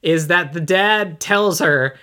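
A man's voice: fairly high pitch, slow pace, sharp tone. Brief: male podcast co-host, loose and rambling, talks through a movie plot. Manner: rambling, many filler "like"s and restarts. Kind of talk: casual chat recapping a movie.

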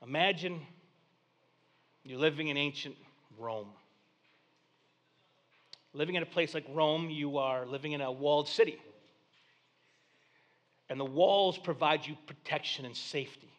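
A pastor preaches with a high-pitched male voice. His delivery is dynamic, sinking to near-whispers before surging into loud, excited declarations. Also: measured pace, long pauses. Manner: dynamic preaching, dropping to hushed tones then rising to loud exclamations. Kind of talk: sermon.

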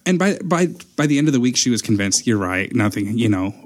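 A man's voice: medium pitch, brisk. A young man telling a story in casual chat, acting out the quotes as he goes. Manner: animated storyteller, acts out quotes.

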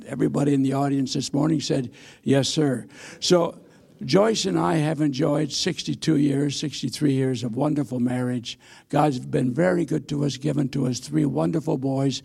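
An elderly man in his eighties gives a sermon from a church pulpit, telling folksy stories at his own expense. His voice sits a little high and carries heavy gravel, with a husky, rough texture. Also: moderate pace, a little mellow. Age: 80s. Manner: folksy, self-deprecating storytelling with hesitations. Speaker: missionary preacher. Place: church sanctuary.

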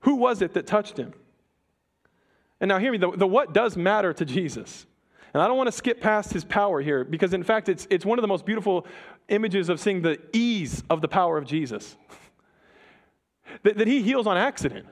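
High-voiced male preacher. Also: expressive. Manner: storytelling, with dramatic pauses and humor. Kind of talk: sermon.

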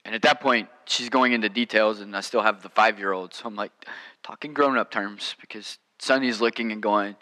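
A man's voice: on the low side, fairly even intonation, fairly quick, bright, forceful tone, big-room sound, low-quality recording. A man, a pastor, telling a story in a sermon in a conversational way, with many fillers and restarts.

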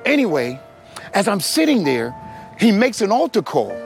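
Middle-aged male preacher, high voice, animated testimony over music. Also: normal speed, creaky. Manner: animated storytelling, acting out voices. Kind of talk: sermon testimony.

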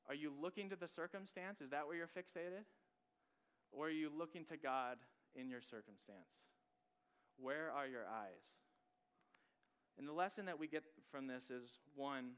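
Young guy pastor preaching, kinda high smooth voice, chatty, says "like" a lot, repeats lines for emphasis. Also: fairly bright tone. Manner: earnest and conversational, with frequent "like" fillers and repeated key phrases. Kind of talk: sermon.

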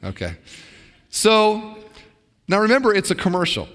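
A man preaching a sermon as pastor, talking casually with fillers and rising to excited bursts. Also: high-pitched, unhurried, long reverb tail. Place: church sanctuary.

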